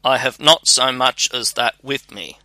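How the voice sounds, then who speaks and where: A businesslike goldsmith, as a male narrator puts him on, matter-of-fact and slow-spoken. His voice is very bright and sharp, recorded dry and close. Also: mid-range voice, no room sound.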